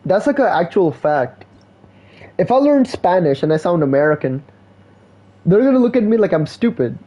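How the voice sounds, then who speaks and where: A man's voice: high-pitched, very animated, moderate pace, lo-fi sound. A man streaming live, chatting casually in a slangy, laid-back way, full of "bro" and "like". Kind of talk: casual rambling stream chat.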